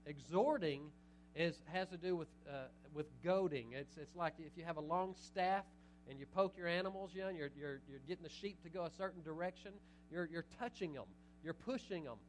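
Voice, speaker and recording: A middle-aged pastor preaching a sermon, animated, moving between loud urging and quiet asides. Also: male voice, on the high side, brisk, slight background noise, low-quality recording.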